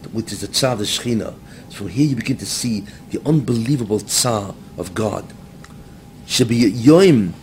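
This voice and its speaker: A man lecturing on a sacred text, moving from steady explanation to sudden raised, emotional emphasis. His voice sits at an ordinary middle pitch, with a faint low rumble in the background. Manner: explains texts, rising to dramatic emphasis. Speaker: Torah teacher. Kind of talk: religious lecture.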